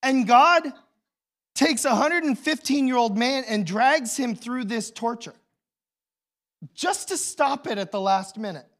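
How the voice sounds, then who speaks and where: A man preaching a sermon as pastor, telling the story with swings between hushed and loud emotional delivery. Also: very high voice, expressive, measured pace.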